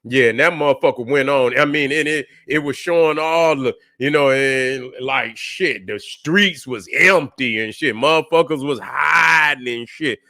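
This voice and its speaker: A man's voice: mid-range voice, measured pace, few pauses, sharp tone. A man hosting a casual reaction vlog, telling a rambling, profane story straight to his viewers. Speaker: channel host.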